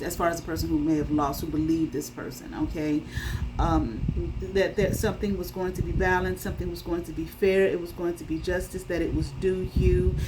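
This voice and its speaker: A woman with a fairly low voice gives a spoken tarot reading. She is emphatic and blunt, swears freely, and keeps stopping to ask "okay?". A faint hiss sits under her voice. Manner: emphatic, checks in with frequent "okay?". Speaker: tarot reader.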